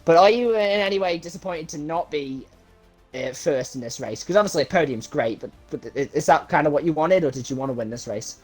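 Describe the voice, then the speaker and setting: A man with a voice going hoarse, co-commentating and interviewing a driver after a race, hesitant and full of restarts. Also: on the high side, animated, brisk, soft background music.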